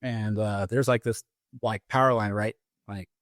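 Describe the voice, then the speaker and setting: Low-voiced middle-aged man, halting storytelling. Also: steady tone, no echo, clean studio sound. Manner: halting, many fillers and restarts. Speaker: podcast guest, Army veteran. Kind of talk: personal story told in an interview. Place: podcast studio.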